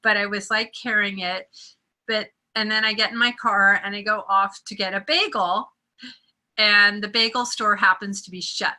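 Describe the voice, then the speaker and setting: A woman sharing a personal story in a group meeting, animated and acting out the voices of the people she quotes. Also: mid-range voice, normal speed, low-quality recording. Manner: animated storyteller who acts out quoted voices and laughs often. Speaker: meeting participant.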